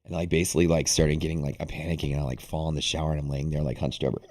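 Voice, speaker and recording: Casual streamer host, young man, very deep voice, loose rambling storyteller. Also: very fast. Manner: rambling, animated, heavy use of "like". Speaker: day-trading livestream host. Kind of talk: casual storytelling to a live audience.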